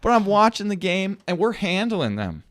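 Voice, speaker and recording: Podcast co-host, male, lively storyteller, slightly high pitch, big swings, swears freely. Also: moderate pace. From Wisconsin. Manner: animated storytelling, acts out quotes, swears. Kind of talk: casual chat.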